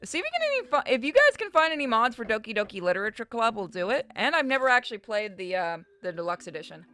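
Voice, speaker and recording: A woman's voice: on the high side, big pitch swings, fast talker, fairly bright tone, dry recording. A woman streaming a game, joking and swearing as she reads its dialogue aloud. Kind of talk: live gameplay commentary.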